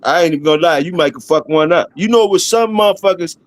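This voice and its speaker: A middle-aged man with a Baltimore accent chats casually as a livestream host. His voice sits a bit high, and he talks in a relaxed, laughing, streetwise way. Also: quick pace. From DMV area of the US. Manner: laid-back, laughing, streetwise slang. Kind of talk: casual chat.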